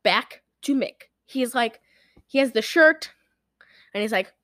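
A woman's voice: a little high, slow, no echo. Young woman rambling through a film recap. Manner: rambling, animated retelling with acted-out quotes. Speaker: podcast co-host recapping a film. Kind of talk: casual chat.

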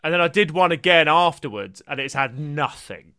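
Male podcast co-host, slightly high, bright voice, dry close sound, jokey and sweary. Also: animated, moderate pace, dry recording. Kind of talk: casual comedic chat.

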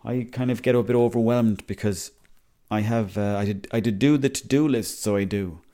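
A young Irish man talks through his week on a solo podcast, wandering from story to story and cursing freely. His voice sits a little low and comes across mellow and soft-edged. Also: normal speed. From Ireland. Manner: rambling, chatty, swears freely. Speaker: podcast host. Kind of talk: casual solo podcast monologue.

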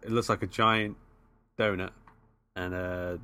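Casting: deep-ish easygoing male co-host, hesitant plot recaps. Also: fairly even intonation, unhurried, sharp tone. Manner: easygoing, hesitant, many fillers. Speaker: podcast co-host. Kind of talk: casual film chat.

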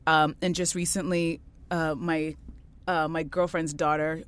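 A woman from the Caribbean, a podcast guest chatting casually and telling a story frankly with lively swings in pitch and loudness. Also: unhurried. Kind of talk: casual chat.

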